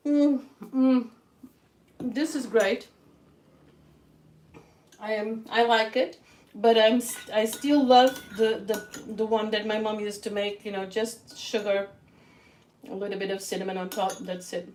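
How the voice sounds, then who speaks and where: A woman's voice: mid-range voice, steady tone, unhurried, pauses often, a little mellow, low-quality recording. Chatty woman cooking live. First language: Portuguese. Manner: chatty, laughs often, speaks straight to viewers. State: feeling weak and ill. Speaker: cooking channel host. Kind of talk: live-stream cooking chat. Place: home kitchen.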